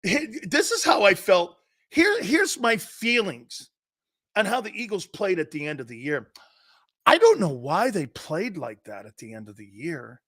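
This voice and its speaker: Here a high-voiced man with a Philadelphia accent hosts a sports talk show full of strong opinions. He comes across loud and excitable, often laughing and yelling.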